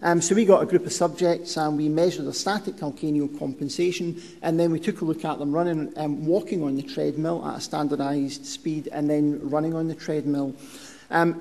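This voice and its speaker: Guy giving a talk, kinda high voice, lots of ums, echoey hall. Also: steady tone, mellow. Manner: measured, explanatory, frequent ums and restarts. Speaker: podiatry researcher giving a lecture. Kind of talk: conference presentation. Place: lecture hall. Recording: reverberant lecture hall.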